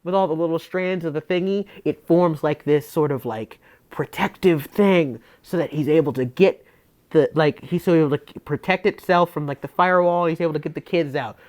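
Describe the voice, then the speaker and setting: A man's voice: a little high, moderate pace, a little mellow. Rambling man recapping with comic asides. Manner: rambling, filler-heavy, self-interrupting. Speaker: podcast host. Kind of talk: casual comedic plot recap.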